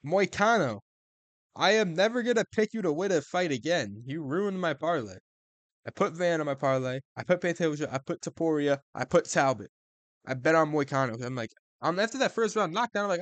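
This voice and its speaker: An excitable young man talks through fight results in loose, profane slang. He jumps between loud outbursts and quiet mutters. The sound is dry and close. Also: a little high, brisk, no echo. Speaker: MMA commentator. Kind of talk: casual fight recap.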